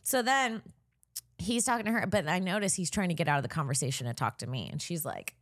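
A woman's voice: on the low side, quick pace, background noise. A woman in her thirties, a comedian co-hosting a podcast, telling a story in casual chat. She acts out the people she quotes and laughs often.

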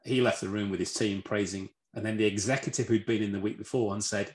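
एक ब्रिटिश लहजे वाला आदमी, धीमे सुर में, जोश से किस्से सुनाता है और शब्द दोहराकर बात शुरू करता है। आवाज़ गूँजदार कमरे में रिकॉर्ड हुई है।. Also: male voice, fairly low pitch, fast. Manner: animated, repeats words when starting, acts out voices. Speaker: red team leader, guest speaker. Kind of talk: storytelling answer in a talk. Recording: roomy echo.

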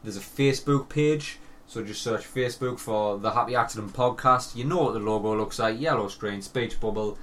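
A man's voice: lowish voice, moderate pace. Sweary man in his thirties hosting. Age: 30s. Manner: sweary, joking, bursts into loud laughter. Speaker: podcast host. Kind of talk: casual podcast chat.

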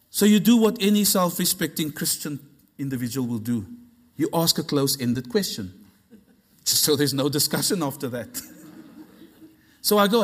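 Male pastor, high voice, lively storytelling sermon delivery. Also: moderate pace, pauses often. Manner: animated storytelling, acting out dialogue.

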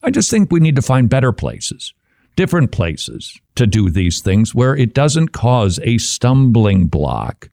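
A man hosts a Christian talk show in a loose, conversational way, tossing in wry asides and little chuckles. His voice sits at an ordinary middle pitch. It is recorded dry and close, with no room sound. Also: huge pitch swings, measured pace, gravelly, dark tone, no room sound. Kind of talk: casual commentary.

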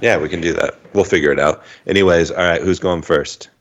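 A man with a remarkably deep, low voice chats casually as a podcast co-host. His talk is loose, profane and quick to get excited, joining the others over a remote call. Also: dull audio. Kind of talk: casual chat.

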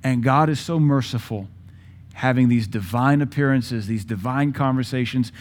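A man in his forties preaching a sermon with passion, using dramatic pauses and acting out voices from scripture. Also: mid-range voice, darkish tone. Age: 40s. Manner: impassioned, dramatic pauses, mimics Bible voices.

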